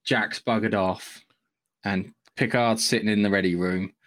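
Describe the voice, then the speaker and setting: A man's voice: on the low side, fairly even intonation, a little slow. A man co-hosting a podcast in casual chat, wry and teasing. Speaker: podcast co-host.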